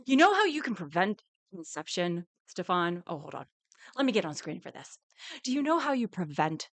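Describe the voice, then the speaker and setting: A woman's voice: on the low side, fairly bright tone, dry recording. A woman streaming a live reaction, ranting angrily and swearing, with bursts of laughter.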